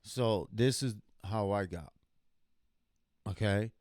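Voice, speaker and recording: A man's voice: fairly low pitch, slow pace, darkish tone, no echo, clean studio sound. A man hosting a reaction video, commenting casually and telling a story, checking in with viewers with "okay?". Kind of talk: casual commentary over footage.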